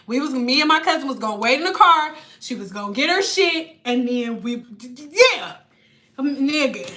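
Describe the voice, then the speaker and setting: A woman telling a story on a casual vlog, animated and profane, with laughing asides. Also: sits high. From Detroit. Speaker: vlogger.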